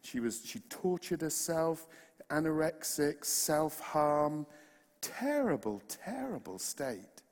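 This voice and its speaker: A man's voice: fairly high pitch, very animated, slow pace. A man with a West Country accent preaching a sermon, earnest and impassioned, with humorous asides. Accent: West Country English. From West Country, England. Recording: long hall reverb.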